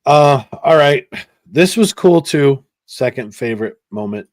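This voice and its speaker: A man's voice: medium pitch, lively intonation, a little slow, no echo. A man co-hosting a podcast in casual chat, with an easygoing, chuckling manner. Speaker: podcast co-host.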